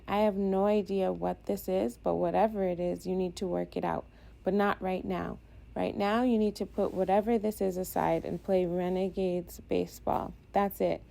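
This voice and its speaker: A woman's voice: on the low side, creaky, mellow. A woman voicing a stern adult male baseball coach who gives firm, clipped orders in an audiobook. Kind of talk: audiobook character voice.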